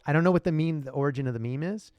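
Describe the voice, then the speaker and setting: A man co-hosting a casual podcast, talking in an animated way, swearing freely and laughing often. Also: fairly high pitch, very fast, smooth, no echo, muffled recording. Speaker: podcast co-host.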